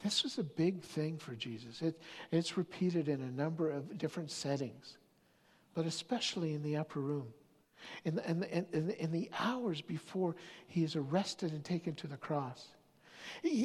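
A pastor preaching a sermon, telling stories with many restarts, moving between loud stretches and near-whispers. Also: medium pitch. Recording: long hall reverb.

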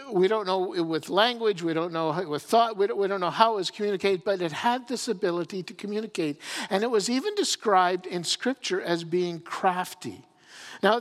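Conversational preacher in an echoing hall. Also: mid-range voice. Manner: conversational, many restarts and repeated words. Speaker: pastor. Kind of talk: sermon. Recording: long hall reverb.

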